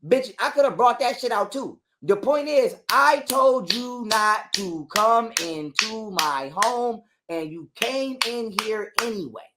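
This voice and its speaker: A man telling a long story in a casual interview, animated and full of cursing and repetition. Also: sits high, slow, hardly any pauses, very noisy. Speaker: guest telling his story.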